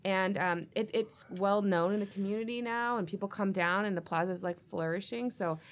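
A woman's voice: mid-range voice, moderate pace, lo-fi sound. A woman in casual panel chat, talking in an upbeat, chatty way with many fillers.

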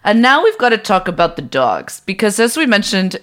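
A woman's voice: mid-range voice, big pitch swings, a little fast, a bit bright. A woman co-hosting a podcast in casual chat, blunt and opinionated. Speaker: podcast co-host.

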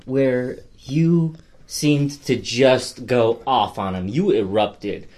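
A man's voice: medium pitch, very slow, a little mellow. A man co-hosting an improvised comedy interview, asking the guest dry, teasing questions.

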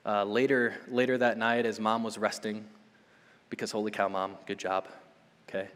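A young adult male pastor preaching a sermon, swinging between loud urgent build-ups and hushed soft passages, checking in with "okay?" and "right?". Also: fairly low pitch, level tone, normal speed, big-room sound. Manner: conversational, with frequent "okay?" and "right?" check-ins.

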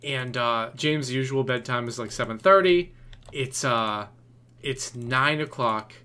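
A man's voice: medium pitch, measured pace, bright, forceful tone, clean tone. A man co-hosting a podcast, telling a long story in a casual, rambling way, full of fillers and restarts. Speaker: podcast co-host.

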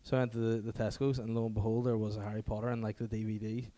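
A man's voice: fairly low pitch, flat delivery, racing, mellow. A young man telling rambling anecdotes in casual chat, laughing often.

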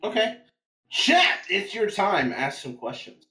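A podcast co-host reading out listener questions in a deadpan way. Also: medium pitch, slow pace. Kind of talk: casual podcast chat.

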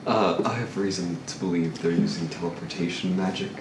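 Deep-voiced man playing a tabletop game. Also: brisk. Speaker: player. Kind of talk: casual tabletop play. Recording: roomy distant recording with noise.

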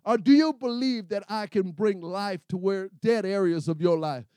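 A man preaching a sermon, calling for responses from the congregation and building to excited shouts. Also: sits high, moderate pace, no echo, studio quality.

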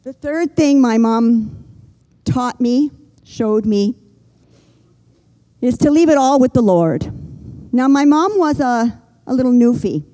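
An older woman delivers a sermon in an earnest, gentle way. Her voice sits slightly high but sounds mellow and warm. She slows down and pauses to let key lines land. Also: expressive, low-quality recording. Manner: earnest, gentle preaching with slow emphatic pauses. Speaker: pastor.

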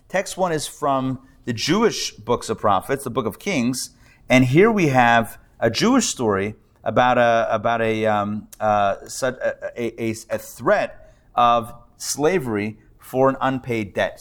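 A man's voice: medium pitch, lively intonation, moderate pace. A man teaching a live class as a rabbi, talking in a loose conversational way with many restarts and repeated words, and dropping in wry jokes. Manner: wry humorous asides. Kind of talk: live adult-education lecture. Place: live lecture before an audience.

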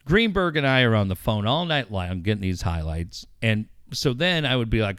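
A man spins stories in a loose, swearing chat, his pitch bouncing all over the place. His voice is bright and forward, and the close mic leaves it dry with no room sound. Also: moderate pace, hardly any pauses, no echo. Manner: animated, profane, laughs often. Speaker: radio engineer telling stories. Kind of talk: casual storytelling chat.

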